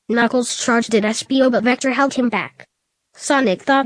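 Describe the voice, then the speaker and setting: A woman's computer voice reads out a comic story, high-pitched and mechanically even. The sound is dry and close, with no room around it. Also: a little fast, dry recording. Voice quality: synthetic, flat text-to-speech reading. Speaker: narrator. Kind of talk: synthesized storybook narration.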